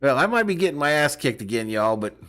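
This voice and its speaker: A man's voice: medium pitch, big pitch swings, quick pace, a bit bright. A man streaming live play-by-play of a football game, casually reading viewer chat aloud and joking with laughs between calls. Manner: chatty, jokey, laughs often between chat reads.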